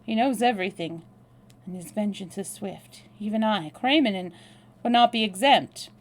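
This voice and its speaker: A woman's voice: normal speed, natural voice. Woman reading a nervous, pompous Russian man. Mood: fearful. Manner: grows shrill and hysterical when threatened. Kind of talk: read-aloud novel dialogue.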